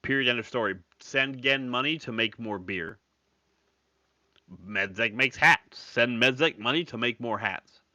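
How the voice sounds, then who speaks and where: A man chatting casually on a stream from his craft room, animated and jokey, swearing freely. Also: mid-range voice, a little slow, no room sound, highs cut off. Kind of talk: casual chat.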